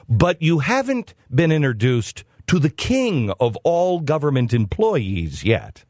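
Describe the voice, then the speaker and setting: A man's voice: fairly high pitch, huge pitch swings, takes it slowly, a little mellow, no echo, clean studio sound. A man hosting a talk show, telling a comic story in a sarcastic, exasperated way. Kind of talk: comedic storytelling monologue.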